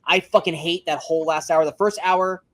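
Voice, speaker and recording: A man's voice: a little high, steady tone, fairly quick, dry recording. Male podcast co-host, casual review chat, blunt and profane, dry close sound. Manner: profane, emphatic ranting.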